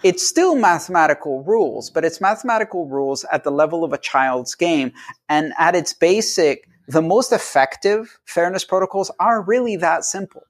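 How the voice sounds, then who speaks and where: Guy on an interview explaining stuff plainly, gets animated, does little voices for quotes. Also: a little high, normal speed. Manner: animated, acts out quoted people. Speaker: guest.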